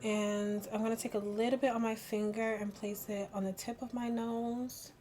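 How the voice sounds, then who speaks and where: A young beauty vlogger chats through her get-ready-with-me makeup tutorial in a slightly high, dark-toned voice, keeping a level tone and moderate pace. Soft music plays while she rambles, leans heavily on "like," and laughs at herself.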